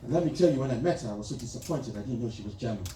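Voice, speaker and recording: A man's voice: mid-range voice, lively intonation, rapid-fire, heavy background noise, close to an everyday voice. A man performing live stand-up as a pompous, crude, self-styled dictator president, teasing the audience in a large theater. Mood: boastful. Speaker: stand-up comedian. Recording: echoey theater from a distant mic, loud crowd.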